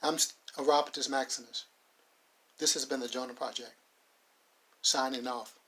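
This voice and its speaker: A man narrating a story in slow, measured, poetic phrases. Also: medium pitch, fairly even intonation, fairly bright tone, husky, low-quality recording.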